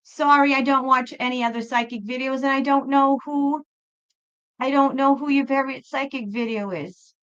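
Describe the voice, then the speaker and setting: A woman's voice: high voice, fairly even intonation, moderate pace, fairly bright tone, clean tone, lo-fi sound. A woman hosting a live tarot stream, rambling chattily and talking straight to viewers in the chat.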